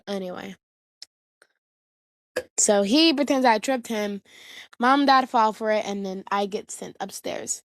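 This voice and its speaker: A woman's voice: mid-range voice, no room sound, clean studio sound. A woman vlogger casually telling family stories, chatty and slangy, often circling back to her point. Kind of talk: casual storytelling to camera.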